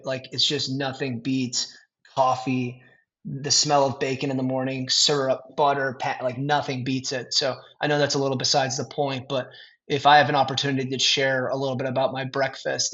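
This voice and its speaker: A man's voice: mid-range voice, normal speed. A man from Minnesota with a Minnesotan accent, chatting as a podcast guest and telling stories with lots of restarts. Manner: animated storyteller, laughs often, many restarts. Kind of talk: casual podcast chat. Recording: dull lo-fi sound.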